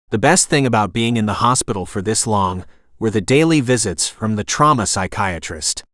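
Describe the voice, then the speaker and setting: A man reads a romance audiobook in a calm, even voice and gives the dialogue a gentle touch. His pitch sits in the middle of the range, and the recording is dry and close, with no room sound. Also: dry recording. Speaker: audiobook narrator. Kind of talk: scripted romance narration.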